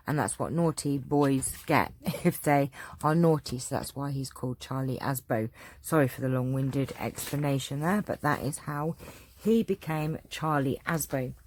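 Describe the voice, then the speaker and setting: A woman's voice: low voice, unhurried. An English woman hosting a craft channel, answering viewer questions in a chatty, rambling way with lots of fillers. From England. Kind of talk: casual Q&A chat.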